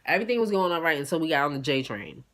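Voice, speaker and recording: A young woman from Queens, telling a story in a blunt, profane, animated way. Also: sits low, rapid-fire. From Queens, New York. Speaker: vlogger. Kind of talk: casual storytime.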